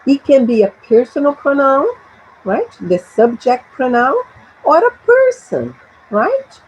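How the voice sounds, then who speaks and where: A woman's voice: high voice, sing-song, unhurried, muffled recording, a little hiss or hum. A Brazilian woman with a Portuguese accent teaching an English grammar lesson, drilling short phrases for students to repeat.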